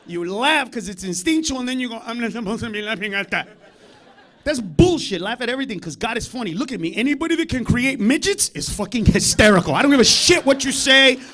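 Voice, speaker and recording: A man with a strikingly high voice works a comedy club stage on a handheld mic. He is loud, foul-mouthed and combative with the audience, swinging between hushed asides and full-throated shouting. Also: big pitch swings, fast, hardly any pauses. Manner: loud, profane, confrontational with the crowd, swings from low mutter to shouting. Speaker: stand-up comedian. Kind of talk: live stand-up routine.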